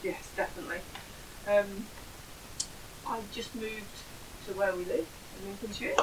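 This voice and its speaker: An English woman in her forties trades playful jabs on a home-made podcast. Her voice sits at an ordinary middle pitch, slips into breathy whispers now and then, and carries a faint hiss behind it. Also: steady tone, a little slow. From Northamptonshire, England. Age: 40s. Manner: teasing, laughs easily, drops to a breathy whisper at times. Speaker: podcast co-host. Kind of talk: casual banter.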